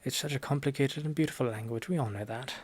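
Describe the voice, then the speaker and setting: A young man with a Norwegian accent in a whispered role-play as a language teacher, speaking softly and haltingly with deadpan jokes, close to the mic. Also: medium pitch, slightly rough. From Norway. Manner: soft-spoken, halting, deadpan joking. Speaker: ASMR creator playing a language teacher.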